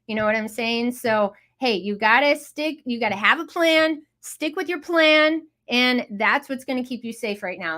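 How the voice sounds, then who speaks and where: A woman's voice: sits high, a bit bright. A woman hosting a live online audio room, hyped and chatty with lots of exclamations. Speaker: host.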